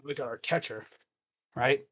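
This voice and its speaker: Slow-talking excitable male fan commentator. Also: mid-range voice, husky. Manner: excitable, jumps to shouting on big plays; drops to muttered asides. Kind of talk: live fan play-by-play.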